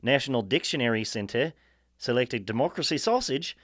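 A man's voice: mid-range voice, animated, moderate pace, dry recording, studio quality. A man from the United States co-hosting a podcast, reading facts aloud in a casual chat, stumbling over words and laughing often. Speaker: podcast co-host.

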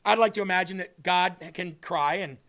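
A man's voice: high voice, normal speed, fairly bright tone. A man hosting a faith talk show, preaching earnestly and emphatically and repeating phrases for effect.

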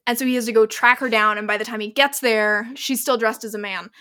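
A woman's voice: a little high, quick pace, clear, resonant tone. A woman co-hosting a podcast, chatting casually as she retells a story, full of "like" and acting out the characters' lines. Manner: animated storyteller, heavy use of "like", acts out quotes. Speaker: podcast co-host. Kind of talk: casual chat recapping a book.

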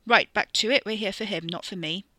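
A woman's voice: medium pitch, fairly quick, sharp tone, no echo, natural voice. A woman voicing a wry young man, a recovering addict, who talks bluntly in clipped, offhand phrases.

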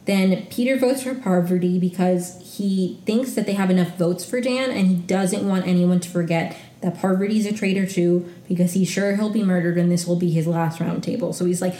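A woman's voice: lowish voice, moderate pace, few pauses, warm tone, roomy sound. A woman hosting a podcast, chatting casually and gushing, peppered with "like". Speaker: podcast host recapping reality TV. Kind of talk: casual solo recap.

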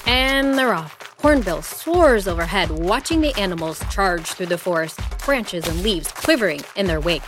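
A woman narrating a scripted children's story in an expressive, animated way. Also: lowish voice, moderate pace, few pauses. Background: music.

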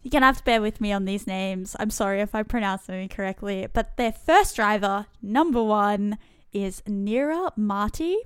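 A woman's voice: mid-range voice, a little fast, hardly any pauses, a bit bright, clear, resonant tone, dry recording, clean studio sound. A woman with an Australian accent co-hosting a casual podcast, reading out facts and giggling as she apologizes for mispronouncing names. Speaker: podcast co-host. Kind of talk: casual chat.

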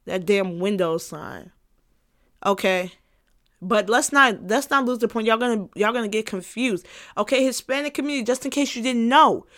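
A woman with a fairly high, slightly bright voice talks at a moderate pace while hosting a casual solo podcast. She's emphatic and repeats herself, swears freely, and keeps breaking into playful laughter.

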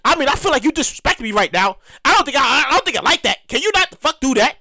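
A man's voice: very high voice, fast talker, vocal fry, dry recording. A young man hosting a show, delivering a rambling, profane, comedic rant. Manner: rambling, repetitive, profane, excitable. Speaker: podcast host.

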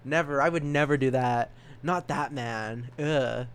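A man's voice: mid-range voice, unhurried, a bit bright, smooth. A young man hosting a solo podcast, rambling and giggling at himself, with a stutter. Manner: rambling, giggly, self-mocking. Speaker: podcast host.

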